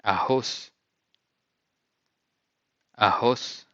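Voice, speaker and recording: Slow, bright-voiced man teaching vocabulary. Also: medium pitch, no echo, dull audio. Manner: slow, clear, repeats each word twice. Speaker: language teacher. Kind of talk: vocabulary lesson with repetition.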